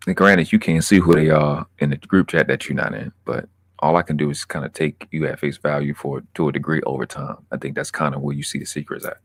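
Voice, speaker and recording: Man, young adult, very low voice, casual profane livestream chatter, dry close sound. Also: fairly even intonation, a little fast, creaky, no echo. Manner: loose, profane, rambling with restarts. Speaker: livestream host reading chat.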